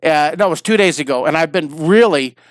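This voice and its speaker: A man's voice: fairly high pitch, lively intonation, fairly quick, no room sound. Chatty fifty-something man, dry close sound. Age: 50s. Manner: chatty and rambling, talking to viewers. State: tired and a little wheezy. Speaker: online drawing teacher. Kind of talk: casual live-stream chat.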